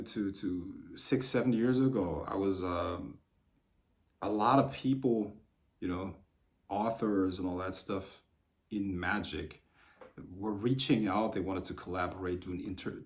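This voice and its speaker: A man teaching the occult, talking unscripted to camera in a profane, heated rant that builds to forceful outbursts. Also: lowish voice.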